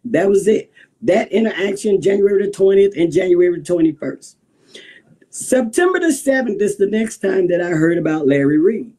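Woman, pastor, casual to-camera talk, sassy, expressive pitch, frequent laughs. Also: slightly rough. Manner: sassy, animated, laughs often, rhetorical questions.

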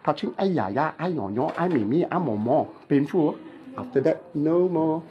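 A chiropractic therapist with a Malaysian English accent, instructing a client in clipped, playful phrases during treatment and mimicking cracking sounds. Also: male voice, a little high, animated, moderate pace, muffled recording, a little hiss or hum.

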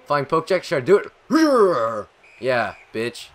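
A young man giving live commentary over a video game, excitable and rambling, swearing often and talking to himself. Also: on the high side, slow. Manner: excitable, swears a lot, rambling self-talk. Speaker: gaming commentator.

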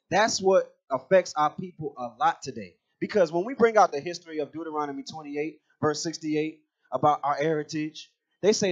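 A man's voice: fairly high pitch, brisk, highs cut off. A man teaching scripture on a religious radio talk show, emphatic and preachy, directing a reader to read on. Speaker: teacher leading scripture study.

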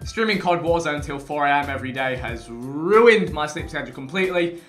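A man's voice: on the high side, lively intonation, a little fast, fairly bright tone. A man chatting to the camera in a casual vlog, joking about himself. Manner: chatty, self-deprecating. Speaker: challenge participant. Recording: echoey room with faint music.

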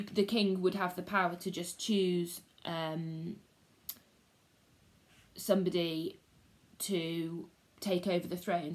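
A woman teacher, reading a story aloud to a class and pausing to explain it casually. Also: lowish voice. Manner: slow, expressive storytelling with casual asides.

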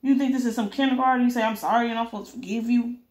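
A woman's voice: fairly high pitch, steady tone, rapid-fire, a little mellow, echoey room, natural voice. A woman voicing a ruthless male gang boss who talks in sneering, foul-mouthed threats.

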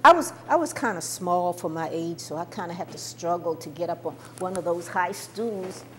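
Older woman storyteller, lively intonation, personal memoir, light stammer. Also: on the low side, normal speed, a little hiss or hum. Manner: expressive, warm-toned recounting with small stammers.

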